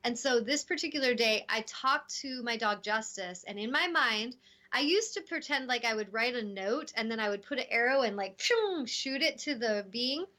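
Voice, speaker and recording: Bright, animated woman storyteller. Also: fairly high pitch, normal speed. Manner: animated storytelling, acting out voices in quotes. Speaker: host. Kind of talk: casual spiritual talk.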